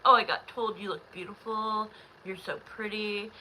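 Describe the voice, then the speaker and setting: Woman doing a live tarot stream, bright kinda tense voice, rambling at her chat, frustrated and almost crying. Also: medium pitch, steady tone, normal speed, rough recording. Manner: rambling, talks straight to the chat. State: frustrated and close to tears.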